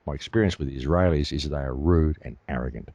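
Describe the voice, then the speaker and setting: A low, mellow-toned man speaks as an interview guest. He talks in an emphatic, indignant rant. The sound is dry, with little room around it. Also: fast talker, no room sound. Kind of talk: heated interview talk.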